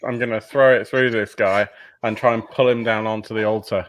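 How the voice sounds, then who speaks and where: A man's voice: lowish voice, fairly even intonation, a little fast, fairly bright tone. A man playing a tabletop game, talking casually and decisively. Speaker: player.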